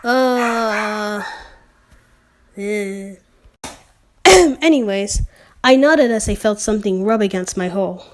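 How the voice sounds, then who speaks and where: A woman's voice: mid-range voice, slow pace, pauses often. Sarcastic woman reading fan fiction aloud. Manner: sarcastic asides, slips and self-corrections. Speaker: channel host.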